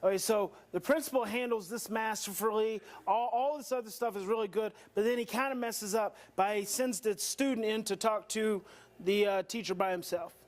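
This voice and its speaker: A man's voice: sits high, moderate pace. A man presenting a parenting and healing seminar, explaining video clips and posing rhetorical questions to the audience. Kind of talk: teaching seminar commentary.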